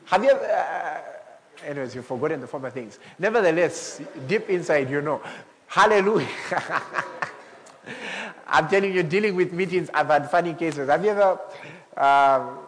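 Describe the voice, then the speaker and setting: A male pastor delivers a lively sermon in a slightly high voice, climbing to shouts and breaking into laughter. His words ring out with a long reverb from the hall around him. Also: normal speed, a little hiss or hum. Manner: animated preaching, rising to shouts, with laughter.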